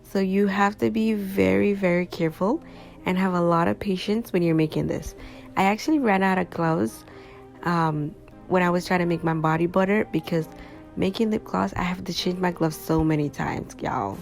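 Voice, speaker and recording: A woman's voice: fairly low pitch, normal speed, gravelly, faint music behind. A woman talking casually over her video as a small business owner and vlogger, chatting straight to her viewers in a tired, yawning voice. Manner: chatty, addresses viewers directly. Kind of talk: casual voice-over of a craft tutorial.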